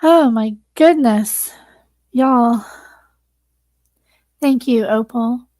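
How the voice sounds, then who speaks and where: A woman's voice: on the high side, extremely slow, darkish tone, no echo. A woman hosting a livestream, earnestly thanking viewers and close to tears. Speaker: livestream host. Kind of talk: casual livestream sign-off.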